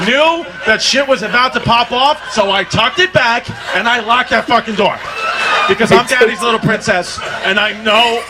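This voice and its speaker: A man doing stand-up, telling a story loudly with frequent laughter and a drunken slur. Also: extremely high pitch, moderate pace, very noisy. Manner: loud, laughing, drunken delivery. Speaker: stand-up comedian. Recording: comedy club recording with ambience.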